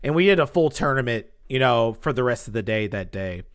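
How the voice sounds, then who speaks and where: Here a storytelling vlogger speaks in a mid-range voice at a fairly quick clip. He's animated and dramatic, playing out scenes with sound effects while chatting casually in slang full of fillers.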